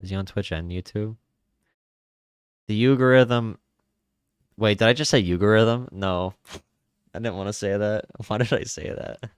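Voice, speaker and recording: A man's voice: fairly low pitch, moderate pace, clean tone, no room sound, studio quality. A man hosting his own political stream, chatting casually and laughing at his own slips of the tongue.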